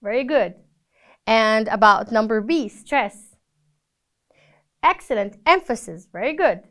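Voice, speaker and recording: Woman, English teacher, high smooth voice, patient and encouraging with students. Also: expressive, slow pace, a bit bright. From Palestine. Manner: patient, encouraging, gives praise after each answer. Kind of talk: recorded classroom lesson.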